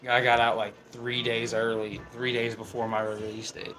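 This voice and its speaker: A man's voice: mid-range voice, completely flat delivery, normal speed, bright, forceful tone, rough recording. A young man casually telling rambling, profane stories with lots of laughter. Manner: laid-back, profane, laughs through his stories. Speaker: storyteller. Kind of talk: casual storytelling. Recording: music playing in the background.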